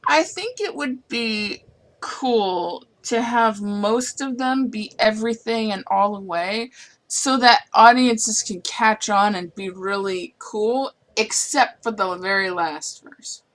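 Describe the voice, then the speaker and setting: Woman, unhurried speech, hesitant, thinking aloud, casual songwriting chat. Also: medium pitch, a bit bright. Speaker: songwriting partner.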